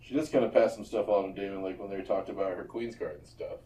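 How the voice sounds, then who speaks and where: Mellow low-voiced man, mic at a distance. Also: fast, reverberant. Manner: laid-back, swears, quotes characters. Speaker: podcast co-host. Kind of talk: casual show recap chat.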